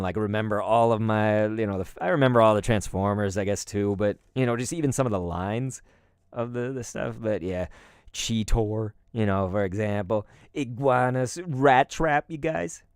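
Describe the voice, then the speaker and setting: A man's voice: lowish voice, clear, resonant tone, no room sound, studio quality. A man hosting a card-opening video, chatting casually in a rambling, nostalgic way with many asides to viewers. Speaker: YouTube host opening collectible cards. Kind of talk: casual chat.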